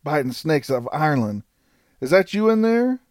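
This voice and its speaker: A man voicing a coarse, desperate male outlaw in an audiobook, with rough frontier dialect. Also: medium pitch, expressive, moderate pace, a little mellow, dry recording, clean studio sound, close to an everyday voice. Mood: alarmed.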